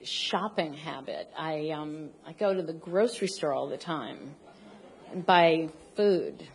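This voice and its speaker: A middle-aged woman telling a funny personal story on stage, halting and self-deprecating, often restarting her sentences. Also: deep voice, gravelly, slight background noise.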